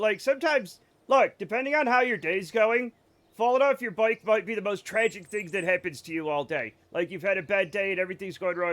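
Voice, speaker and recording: An American man streams a game, joking and rambling as he talks to his chat in casual livestream fashion. His voice sits high with a fairly bright tone.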